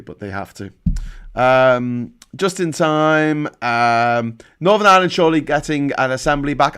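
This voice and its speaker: A man's voice: medium pitch, fairly bright tone. A man from Liverpool hosting a casual livestream, rambling and swearing as he mocks himself and mixes in politics. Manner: rambling, sweary, self-mocking. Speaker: livestream host. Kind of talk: casual live-stream chat and political commentary.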